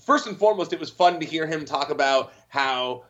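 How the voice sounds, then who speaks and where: A man's voice: fairly high pitch, expressive, brisk, fairly bright tone, dull audio. A man talking as a guest in a casual podcast chat, enthusiastic and full of fillers.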